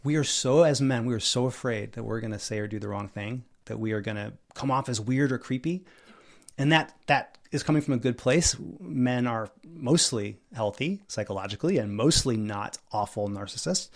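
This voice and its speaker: A man's voice: mid-range voice, normal speed. A man talking as a guest dating coach on a podcast, enthusiastic and emphatic, telling stories. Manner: enthusiastic, storytelling, emphatic repetition. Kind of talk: casual podcast interview.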